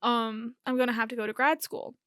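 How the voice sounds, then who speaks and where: A woman's voice: a little high, little pitch movement, fairly quick, a bit bright, smooth, no room sound, clean studio sound. A young woman hosting a podcast, talking casually and hesitantly with many fillers. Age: young adult. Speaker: podcast host. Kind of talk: casual chat.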